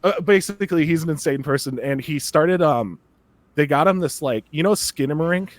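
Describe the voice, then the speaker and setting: A man's voice: fairly high pitch, moderate pace, no echo. Guy on a podcast rambling and laughing, super dry close sound. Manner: rambling, excited, laughing often. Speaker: podcast co-host. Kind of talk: casual chat.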